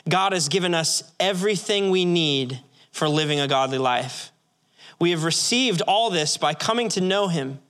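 A man preaching a sermon to a congregation, earnest, asking them questions and slowing down to stress key words. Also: on the high side, fairly bright tone. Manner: earnest, slows for emphasis, asks the congregation questions. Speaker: pastor.

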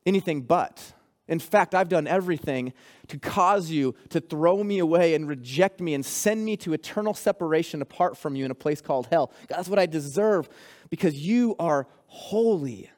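A pastor with a mellow, fairly high voice preaches a sermon at normal speed with lively intonation. His intensity rises as he calls out to his congregation.

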